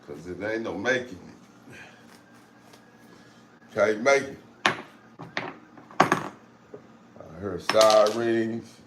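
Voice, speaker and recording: A man with a St. hosting a casual live chat. He talks in a streetwise way and repeats phrases. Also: fairly low pitch. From St. Louis. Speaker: live stream host. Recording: roomy with faint background noise.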